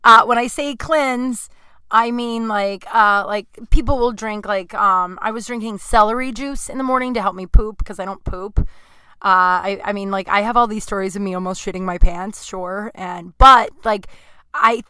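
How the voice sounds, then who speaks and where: A woman's voice: mid-range voice, moderate pace, bright, forceful tone, smooth, no echo. A woman in her thirties hosting a podcast from her apartment, rambling through casual stories with lots of fillers and asides. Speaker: podcast host. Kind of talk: casual storytelling. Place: home apartment.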